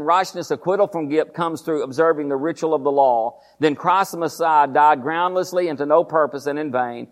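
A man preaching a sermon, talking fast and emphatically, often repeating phrases. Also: a little high.

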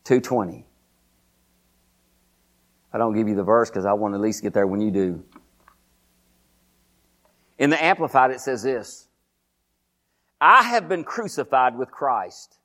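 A man preaching a sermon, talking fast and emphatically, often repeating phrases. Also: fairly low pitch.

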